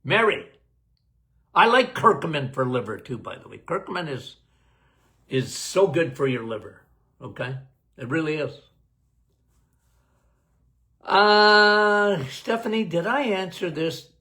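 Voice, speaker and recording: A man's voice: on the high side, animated, slow pace, pauses often, bright, forceful tone. A man, a doctor, answering health questions in a casual live Q&A, emphatic and folksy, often laughing.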